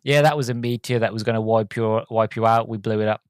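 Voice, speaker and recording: A man quoting a deadpan ancient alien warrior. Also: on the low side, fast talker, clean tone, no echo, studio quality, natural voice. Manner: flat deadpan.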